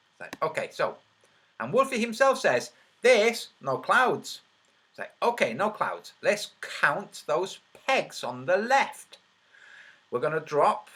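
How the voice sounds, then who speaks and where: A man making online videos, talking over his screen and counting out loud as he argues his point, his voice a little trembly. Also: high-pitched. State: slightly trembly voice. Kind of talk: screen-share commentary.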